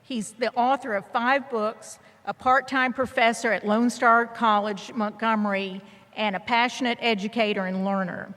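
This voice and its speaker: A woman's voice: a little high, steady tone, moderate pace, fairly bright tone. A woman introducing a guest speaker at a graduation ceremony, reading from a prepared text. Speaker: ceremony presenter. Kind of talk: formal introduction read aloud. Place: large hall. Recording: long reverb of a large hall.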